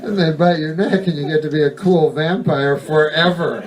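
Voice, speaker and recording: A man doing a stand-up routine, rambling and deadpan, correcting himself and swearing casually, recorded live on stage. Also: fairly high pitch, normal speed, distant mic, a loud crowd, heavy background noise. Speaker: stand-up comedian.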